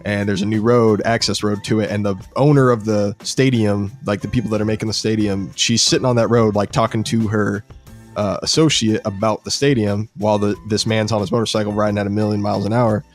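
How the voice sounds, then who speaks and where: A young man hosting a podcast, excitedly retelling a show episode in casual, profane chat. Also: fairly low pitch, fairly quick, faint music behind. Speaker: podcast host.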